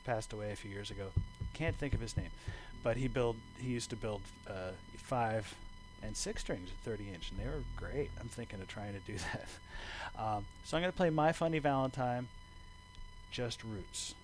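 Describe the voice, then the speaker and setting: A man teaching a bass lesson over a video call, relaxed and rambling, thinking aloud with fillers. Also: normal speed, poor audio. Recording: bass guitar playing behind him.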